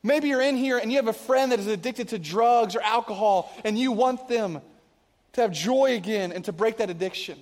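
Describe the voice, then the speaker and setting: High-voiced male pastor preaching. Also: normal speed. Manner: conversational preaching, asks the congregation questions. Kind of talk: sermon. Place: church venue with a cafe. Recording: long hall reverb.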